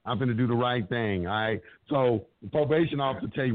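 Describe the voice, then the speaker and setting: As an interview guest, a man tells his story bluntly and emphatically, cursing heavily in an animated, profane way. His medium-pitched voice is fast, with hardly any pauses. The sound is tinny, dry, and phone-like, with no echo.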